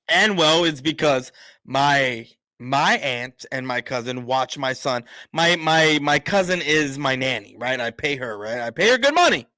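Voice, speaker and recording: A man's voice: a little high, animated, normal speed, sharp tone, no room sound. A man on a casual livestream, telling a family story bluntly and frankly, acting out the dialogue. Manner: self-described attitude, frank and profane. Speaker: show host.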